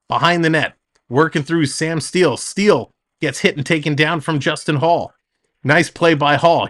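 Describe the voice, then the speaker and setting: A man with a slightly high voice calls a hockey game live for his stream. He narrates the action in quick, clipped bursts and turns to chat with his viewers between plays. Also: a bit bright. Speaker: streamer doing play-by-play. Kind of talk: live hockey play-by-play commentary.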